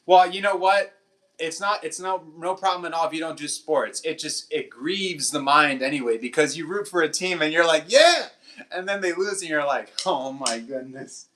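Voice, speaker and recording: A man with a bright, forceful voice pitched a little above the usual chats with his viewers on a livestream. He laughs often and slips into now and then. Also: normal speed, a little hiss or hum. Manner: chatty, laughs often, switches between English and Portuguese. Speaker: livestream host. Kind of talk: casual chat with live chat.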